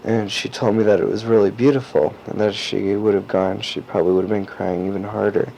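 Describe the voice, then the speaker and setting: A teenage boy recording a personal audio diary, rambling and halting with lots of fillers and restarts. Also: fairly low pitch, little pitch movement, vocal fry, dark tone. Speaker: diarist. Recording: dull lo-fi cassette tape with faint hiss.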